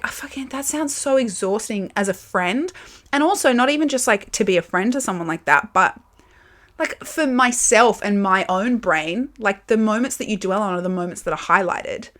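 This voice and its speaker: Recorded through a camera's built-in microphone, a young Australian podcaster chats on her own show in a medium-pitched, slightly bright voice. Her talk is candid and loose, full of fillers, with a curse slipping out now and then.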